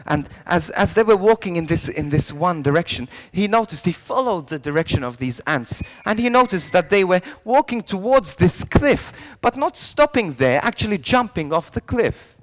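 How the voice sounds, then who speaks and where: A priest telling a story in a youth sermon, swinging from soft lines to loud ones and often restarting his words. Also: high-pitched, moderate pace, hardly any pauses. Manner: animated storyteller, jumping between hushed lines and loud shouted quotes; frequent restarts and repeated words.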